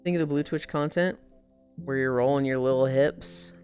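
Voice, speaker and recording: A woman's voice: rumbling low, normal speed, darkish tone, faint music behind. A woman in her twenties streaming casually, telling profane stories and reading chat aloud.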